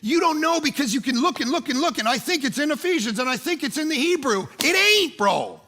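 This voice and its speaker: Male pastor, middle-aged, gravelly edge, bright tone, casual and animated storyteller. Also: very high-pitched, fast talker. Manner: animated, acts out voices in his story, casual slang. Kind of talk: sermon with a storytelling anecdote.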